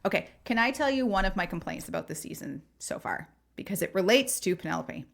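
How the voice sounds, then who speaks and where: A woman co-hosting a casual podcast, chatty and animated, with a voice of middling pitch. She gushes and swears freely as she talks. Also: brisk, gravelly. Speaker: podcast co-host. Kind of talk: casual chat.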